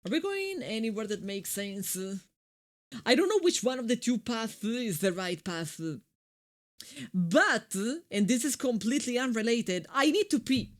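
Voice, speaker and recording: A woman's voice: on the high side, lively intonation, a little slow. Chatty Italian woman streaming a game. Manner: chatty, joking asides to viewers. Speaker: live streamer. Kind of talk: live gameplay commentary.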